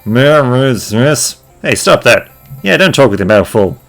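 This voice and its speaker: A man's voice: mid-range voice, animated, takes it slowly, vocal fry, fairly bright tone, faint music behind, full character voice. A man reading a scolding, meddling adventurer. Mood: indignant.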